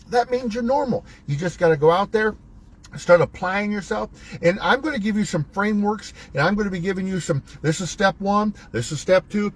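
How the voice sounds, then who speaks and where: A man's voice: high voice, husky, low-quality recording. A man hosting a motivational talk, coaching viewers in a preachy, emphatic, folksy way with wide swings in his voice. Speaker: host.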